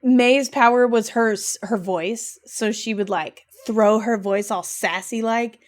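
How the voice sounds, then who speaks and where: A woman's voice: a little high, a little slow. Young woman cohost on a chill podcast, super gushy and emotional, takes her time talking. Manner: gushing, emotional, lots of "like" and "rad". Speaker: podcast co-host. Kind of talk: casual chat recapping a video game.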